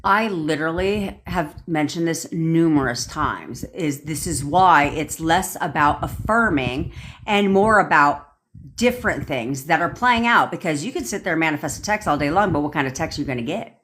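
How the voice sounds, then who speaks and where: A woman's voice: deep voice, lively intonation, moderate pace, fairly bright tone, slight background noise. A young woman coaching on a livestream, ranting bluntly with plenty of swearing and answering viewers' comments as they come in. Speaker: manifestation coach. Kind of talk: casual livestream rant. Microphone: phone or webcam on a livestream.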